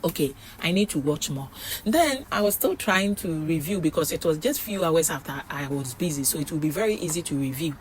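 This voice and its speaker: A woman's voice: deep voice, expressive, a little fast, a little hiss or hum. A woman recapping a reality show in casual, chatty storytelling, with frequent fillers.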